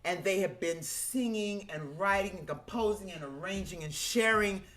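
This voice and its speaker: A woman's voice: medium pitch, normal speed, fairly bright tone. A woman hosting a livestream singing program, exuberantly whooping and greeting viewers one by one by name over a video call. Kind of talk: lively livestream welcome.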